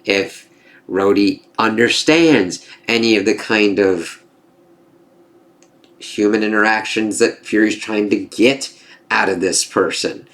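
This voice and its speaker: A man's voice: fairly low pitch, takes it slowly, a bit bright. A man casually reviewing a TV episode, rambling and swearing, with lots of fillers and acted-out quotes.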